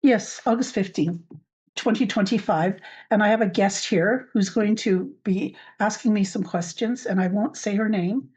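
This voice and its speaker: An older woman hosting her own podcast, telling a personal account in a halting way with many fillers and restarts. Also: mid-range voice, a little mellow, slightly rough. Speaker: podcast host. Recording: dull lo-fi recording.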